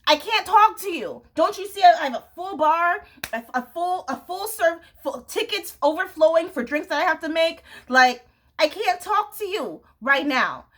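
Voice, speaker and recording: A woman's voice: very high voice, expressive, moderate pace, fairly bright tone. A young woman venting in a casual, exasperated rant to camera, swearing and often asking "you know what I'm saying". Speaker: vlogger.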